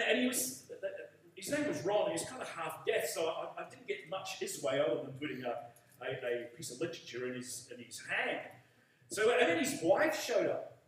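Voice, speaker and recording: A man's voice: high-pitched, a bit bright, slight background noise. A man preaching, telling a story and leading prayer, acting out the dialogue. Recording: echoey room from far off.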